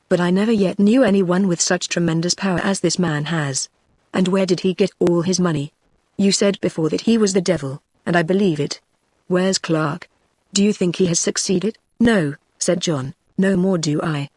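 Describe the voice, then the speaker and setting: A text-to-speech voice of a woman with a British accent, reading a novel aloud in an even, measured way. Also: fairly low pitch, dry recording. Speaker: audiobook narrator.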